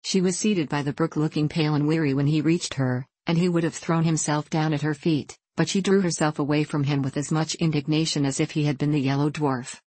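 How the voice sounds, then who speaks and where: A narrator reading fairy tales aloud, measured and expressive. The voice sits at a middling pitch. The recording is dry and close, with no room sound. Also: no echo. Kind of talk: storybook reading.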